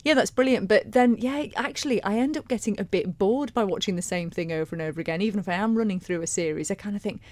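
A woman co-hosting a radio chat show, talking quickly and animatedly, acting out her own thoughts. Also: mid-range voice, darkish tone, dry recording. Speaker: radio co-presenter. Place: radio studio.

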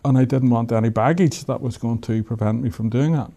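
An Irish man with a gravelly, mellow voice tells his own story in an interview. He sounds reflective and wry, and a laugh often slips into his words. His speech stays easy and unhurried, like someone thinking back as he goes. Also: mid-range voice. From Ireland. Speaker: author and interview guest.

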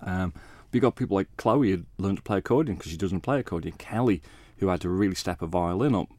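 Man, very low voice, quick talker, dry close sound, modest rambling guest. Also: darkish tone, dry recording. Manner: modest, rambling, acts out quoted talk. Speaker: guest bass player. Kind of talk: casual interview chat.

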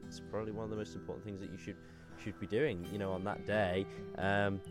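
A man's voice: on the low side, little pitch movement, fast, over music. A young man co-hosting a casual political podcast, rambling as he searches for words. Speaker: podcast co-host.

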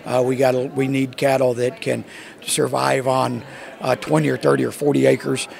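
A man's voice: medium pitch, little pitch movement, moderate pace, gravelly, a little mellow. A man from Oklahoma with an Oklahoma accent, a visiting farmer answering interview questions in a friendly way, with many "uh" restarts. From Oklahoma, USA.

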